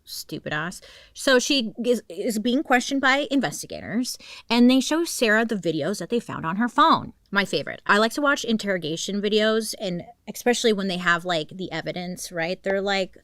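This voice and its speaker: A woman's voice: mid-range voice, expressive, a little fast, fairly bright tone, no echo, clean studio sound. A woman telling a true crime story in a casual, slangy way, often dropping into dramatic whispers.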